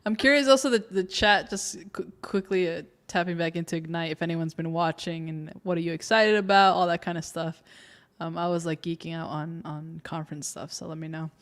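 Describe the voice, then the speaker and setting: A young woman co-hosting a casual livestream, relaxed and giggly, telling stories with lots of "like" and "you know". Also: lowish voice, fairly quick. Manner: relaxed, giggly, filler-heavy storytelling. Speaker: co-host.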